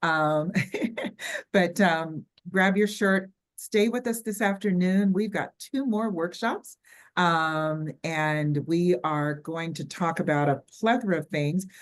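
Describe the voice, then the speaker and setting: An older woman with a Southern US accent hosting an online workshop over a video call, chatty and halting with frequent ums and restarts. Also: sits low. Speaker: webinar host.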